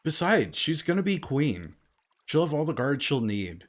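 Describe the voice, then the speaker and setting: A man's voice: on the high side, sing-song, moderate pace. A man voicing a casual young male thief in his own plain voice while reading game text aloud. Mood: worried. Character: easygoing young male thief, cocky but worried.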